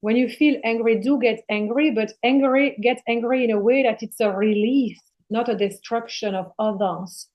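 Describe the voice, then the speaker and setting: A woman's voice: on the high side, fairly even intonation, normal speed, hardly any pauses, darkish tone. A middle-aged woman talking as a podcast guest in a casual spiritual conversation, emphatic and passionate, swearing freely.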